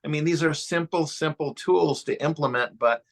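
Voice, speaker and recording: A man's voice: a little high, normal speed, creaky. A man in casual instructional talk, explaining ideas in a coaching tone. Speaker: co-host, practice coach.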